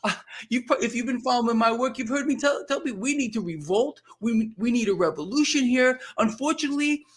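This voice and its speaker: A fired-up man on a chat show with a fairly high, bright-edged voice. He talks emphatically, stumbles and repeats words when he's heated. He speaks with conviction and urgency throughout. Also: animated, a little fast, slight background noise. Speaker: guest. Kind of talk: impassioned casual talk.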